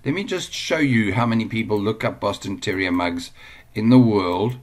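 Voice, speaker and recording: A man's voice: fairly low pitch, normal speed. A man teaching an online business lesson at home, chatting casually while sharing his screen, digressing often and easily amused. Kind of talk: casual screen-share tutorial.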